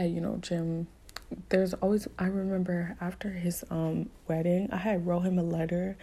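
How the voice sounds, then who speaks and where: A woman's voice: lowish voice, dark tone. A young woman telling a personal story in a candid, emotional way, talking casually with blunt slang and plenty of fillers.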